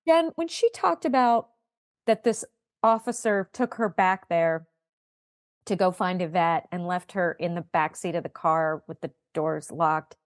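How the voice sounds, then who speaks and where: Gentle female co-host, dry sound. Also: fairly low pitch, unhurried, no room sound. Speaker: podcast co-host. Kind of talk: interview questioning.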